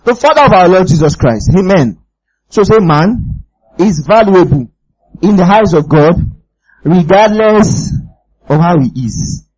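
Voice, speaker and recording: Male preacher, warm husky voice, emphatic and probing, dull lo-fi recording. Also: high-pitched, animated, a little slow. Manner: emphatic, keeps asking the audience if they follow. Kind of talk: sermon.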